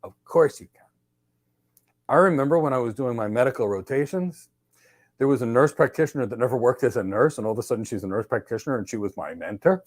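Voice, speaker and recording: A man hosting a podcast, giving casual career advice and telling lively stories that he acts out in dialogue. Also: mid-range voice, fast. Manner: energetic storyteller who acts out dialogue. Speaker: podcast host.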